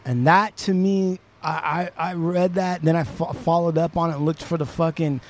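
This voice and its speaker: A man hosting a podcast, retelling a story in a casual, profane, animated way. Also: on the high side, moderate pace. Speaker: podcast host.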